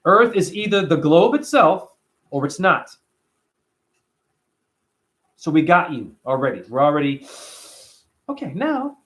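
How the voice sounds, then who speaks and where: A man talking straight to camera in a casual vlog, emphatic and animated, swearing now and then. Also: a little high, unhurried, long pauses. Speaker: vlogger.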